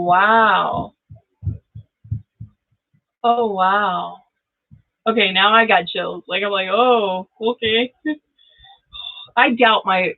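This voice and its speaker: A middle-aged woman with a creaky, mid-range voice hosts a live tarot reading on her channel. She's chatty and laughs often, speaking directly to viewers, and the audio sounds tinny, like a phone.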